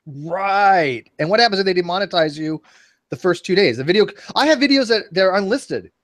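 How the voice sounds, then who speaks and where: A man's voice: high voice, animated, moderate pace, no echo. A man in his forties hosting a casual panel chat, rambling and joking at his own expense. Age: 40s. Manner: rambling, joking, self-mocking. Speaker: host.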